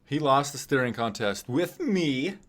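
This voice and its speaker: A man's voice: medium pitch, sing-song, measured pace, fairly bright tone. A man from Nebraska hosting a live fight stream, commenting casually with a chatty, self-deprecating, wry manner. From Nebraska, USA.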